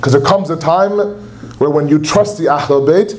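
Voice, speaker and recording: In a religious center's lecture hall, a young preacher acts out quotes in a raised, impassioned voice. His pitch leans high, his pace is moderate, and a little background noise can be heard.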